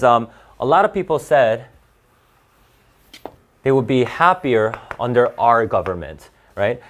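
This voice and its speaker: A man working through reading test questions aloud as a tutor, in a casual, self-correcting way that keeps checking with "right?". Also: mid-range voice. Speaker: SAT tutor. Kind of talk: thinking-aloud test walkthrough.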